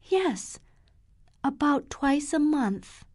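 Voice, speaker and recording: A gentle, obedient young woman from a storybook, soft and pleading, as a woman reads her. Her voice sits a little higher and very unhurried. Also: very animated, full character voice.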